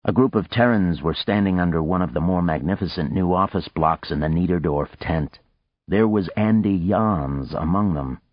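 A man narrating an audiobook in a measured, expressive way, in a dry, dull lo-fi recording. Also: low voice, no room sound.

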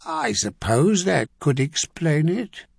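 Casting: man voicing a candid noble courtier, a bit higher than his own voice. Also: moderate pace, a little mellow, slightly rough, dry recording, clean studio sound. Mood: frank.

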